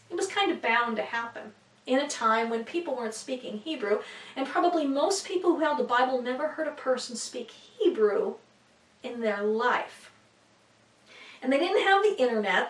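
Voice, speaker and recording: Chatty female Bible teacher, high pitch, recorded from a distance in a reverberant room. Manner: chatty, with fillers and asides, checking in with "okay?" and "right?". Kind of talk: casual classroom explanation. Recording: echoey room, mic at a distance.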